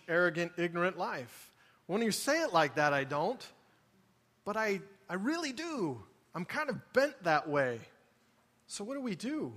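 High-voiced pastor guy preaching, earnest and pleading, goes quiet then loud, big echoey church sound. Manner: earnest, pleading, swings between quiet and emphatic. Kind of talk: sermon. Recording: long reverb of a large hall.

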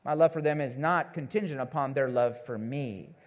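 A man's voice: medium pitch, normal speed. A male pastor preaching a sermon to his congregation in a conversational way, calling out to the listeners and acting out the people he quotes. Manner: animated, acts out the people he quotes. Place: church service before a congregation.

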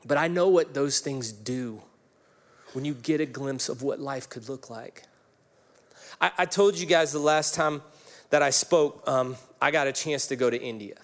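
A man's voice: medium pitch, a little slow. A pastor in his forties preaching a sermon, telling personal stories in an emotional, candid way with many fillers and restarts. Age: 40s.

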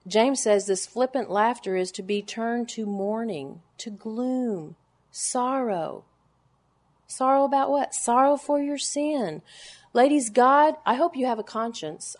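A woman in her forties preaching a sermon to a gathering of women, pressing her points with emphatic, repeated words and then dropping to hushed, low lines. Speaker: women's Bible teacher.

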